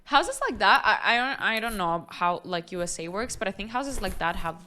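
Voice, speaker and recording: A woman's voice: mid-range voice, animated, moderate pace, pushed and bright. A young woman streamer giving casual reaction commentary, rambling and filling her talk with "like". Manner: rambling, heavy use of filler "like".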